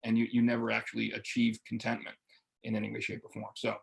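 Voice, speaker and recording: A man's voice: fairly low pitch, monotone, fast, gravelly, breathy edge. A man leading a live online Bible study, talking in an earnest, emotional way with frequent restarts and self-corrections. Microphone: webcam or computer mic for live stream.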